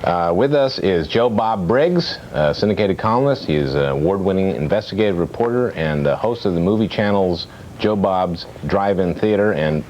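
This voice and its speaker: A man anchoring a TV broadcast, introducing a guest in a halting way with filler pauses. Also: low-pitched, lively intonation, a little mellow. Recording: dull 1990s TV broadcast with faint hiss.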